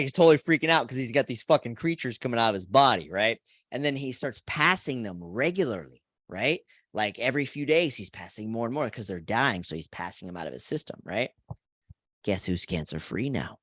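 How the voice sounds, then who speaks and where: On a dry, studio-quality recording, a fast-talking man in his forties runs a live stream full of meandering, foul-mouthed anecdotes. Most sentences end with a "right?", and his pitch shoots up whenever he imitates his friends in these lively tales.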